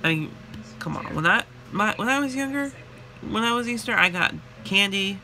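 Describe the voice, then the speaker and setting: A tired young man telling a chatty, animated story about his workday in a casual vlog. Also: high-pitched, moderate pace, a little hiss or hum. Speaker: vlogger and retail worker.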